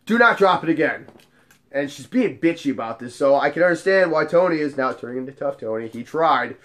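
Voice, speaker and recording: A man who works as a nightclub bouncer, telling funny bar stories in a casual, profane, animated way. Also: mid-range voice, fairly quick. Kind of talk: casual storytelling vlog.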